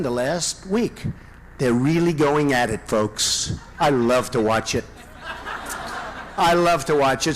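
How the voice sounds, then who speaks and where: A man's voice: sits high, fairly bright tone, a little hiss or hum. A man giving a campaign rally speech, boastful and rambling, with many asides to the audience. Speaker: political candidate.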